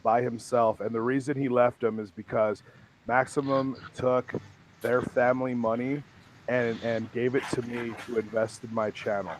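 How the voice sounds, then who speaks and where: A man's voice: mid-range voice, slight background noise. A man hosting a casual podcast, talking in a rambling, profane way with lots of restarts. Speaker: podcast host.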